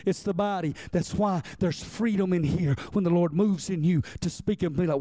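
A pastor with a high, mellow voice preaches conversationally at a moderate pace with hardly any pauses, repeating key lines and checking in with the congregation. The sound is dry, close and echo-free.

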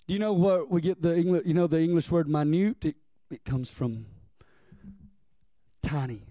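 A man preaching a sermon, impassioned and rising to shouts before dropping to hushed prayer. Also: extremely high pitch, dry recording, clean studio sound.

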